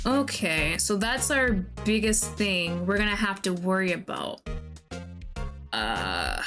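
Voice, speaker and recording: A young woman streaming a game at her desk mic, chatty and thinking out loud, reading game lines aloud and reacting loudly with disgust. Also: medium pitch. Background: game background music.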